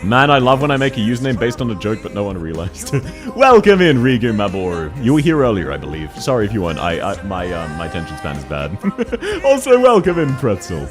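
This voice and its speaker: A man's voice: sits low, animated, quick pace, soft background music. A young man streaming a video game, chatting with viewers and laughing often between casual, swearing remarks. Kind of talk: casual game commentary reading chat.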